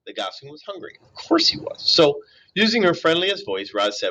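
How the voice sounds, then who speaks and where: A man reading a children's novel aloud in an expressive way, with small slips and self-corrections. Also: on the high side, fairly quick, poor audio. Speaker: storybook reader.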